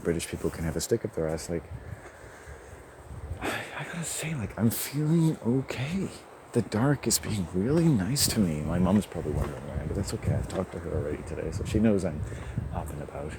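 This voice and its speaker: Man rambling and joking, laughs a lot, on a walk outside; low voice, noisy outdoor sound. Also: darkish tone. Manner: rambling, jokey, often laughing. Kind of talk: rambling monologue while walking. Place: outdoors by a river at dusk.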